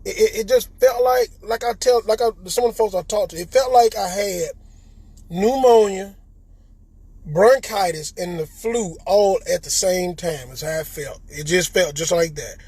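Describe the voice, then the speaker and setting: A man telling his own story as a survivor, halting and repeating his words as he talks to listeners directly. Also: high voice, a little mellow, husky, dry recording, rough recording. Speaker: coronavirus survivor. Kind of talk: emotional personal testimony.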